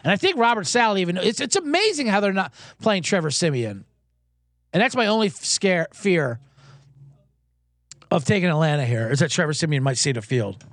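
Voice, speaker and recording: A man hosting a sports betting podcast, telling a casino story and giving picks in a profane, animated way with shouted crowd chants. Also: high-pitched, brisk, no echo.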